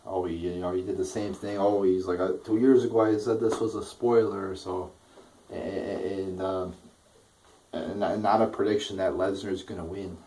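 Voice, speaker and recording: A man's voice: low-pitched, steady tone, moderate pace, mellow, far from the mic, poor audio. A young man ranting through a wrestling show review, exasperated, swearing constantly and repeating himself.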